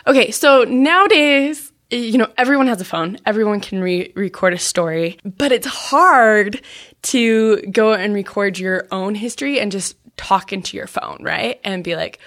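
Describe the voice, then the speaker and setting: A woman's voice: mid-range voice, normal speed, fairly bright tone. A woman, a podcast host and audio biographer, chatting casually with friends about her work and often saying "like". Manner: chatty, uses fillers like "like", laughs at herself. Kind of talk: casual conversational interview.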